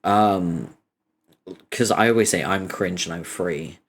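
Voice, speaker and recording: A man's voice: takes it slowly, a little hiss or hum. A young man chatting casually on his stream, swearing freely and breaking into frequent laughter while telling stories. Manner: animated storytelling, laughter rising high in pitch.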